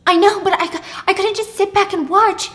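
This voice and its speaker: A woman's voice: extremely high pitch, steady tone, a little fast, fairly bright tone, voice pushed up. A woman voicing an obsessive young woman who defends herself in a retold story. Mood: defensive.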